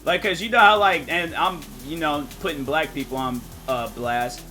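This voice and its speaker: A man's voice: fairly high pitch, normal speed, bright, forceful tone, faint music behind. A man streaming a game, chatting casually with viewers and rambling as he thinks aloud, often restarting his sentences. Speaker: gaming streamer.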